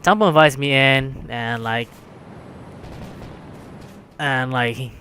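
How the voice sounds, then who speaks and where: A man's voice: medium pitch, slow, sharp tone, a little hiss or hum. Rambling young man telling a story. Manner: rambling, full of "like" and "right?". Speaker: vlogger. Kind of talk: casual storytelling.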